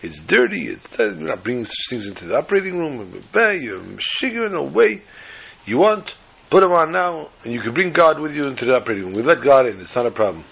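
A man's voice: medium pitch, big pitch swings, brisk, creaky, fairly bright tone, breathy edge, pitched above the performer's own voice, heavily acted. A man voicing a scornful, mocking atheist surgeon in a told story. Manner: mocking, incredulous. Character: scornful atheist male surgeon, middle-aged.

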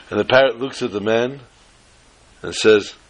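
A man teaching an informal Torah class, telling jokes and stories with lively jumps in pitch for emphasis. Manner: animated storyteller who jumps to high pitch for emphasis.

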